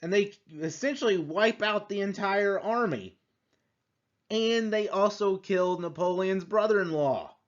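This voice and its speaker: A man teaching a conversational history lecture, animated and full of rhetorical asides. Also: sits high, a little slow, muffled recording.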